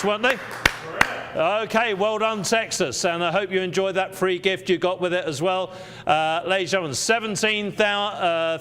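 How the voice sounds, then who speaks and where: High, smooth-voiced male auctioneer. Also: pushed and bright. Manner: persuasive, repeats key selling points. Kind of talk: live auction selling patter.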